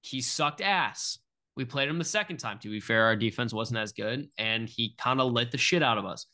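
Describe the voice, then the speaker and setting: A man's voice: mid-range voice, normal speed, sharp tone. A young man co-hosting a sports podcast, talking casually, nervous and stammering, often repeating himself. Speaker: podcast co-host.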